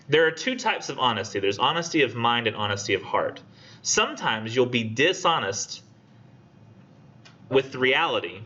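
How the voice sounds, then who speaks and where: Man, classroom lecture, chatty, animated, bright tone, dull recording. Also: medium pitch. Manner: chatty, animated, acts out quoted lines. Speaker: college English instructor.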